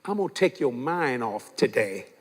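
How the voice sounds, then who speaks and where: An older man preaching a sermon, telling stories in a folksy, animated way and acting out the dialogue. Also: mid-range voice, moderate pace, background noise. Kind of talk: sermon with storytelling. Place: large church. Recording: reverberant church hall.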